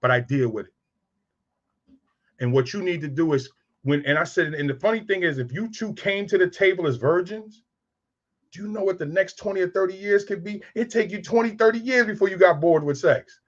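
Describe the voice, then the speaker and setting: A man in his fifties with a high, fairly quick voice tells frank, streetwise stories about raising his sons. The audio is dull.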